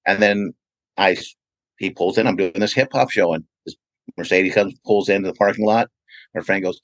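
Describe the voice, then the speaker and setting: A man's voice: low voice, brisk, dry recording, low-quality recording. A man who promotes events, answering interview questions with long, rambling anecdotes full of "you know". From California, USA. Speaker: event promoter and radio DJ, podcast guest. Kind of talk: casual interview storytelling.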